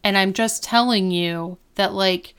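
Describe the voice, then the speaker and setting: A young woman with a smooth, clear voice chats casually on a podcast. She sits at a mid pitch and retells a TV episode in animated fashion, acting out the characters' lines as she goes. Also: a little slow. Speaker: podcast co-host. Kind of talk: casual chat recapping a TV episode.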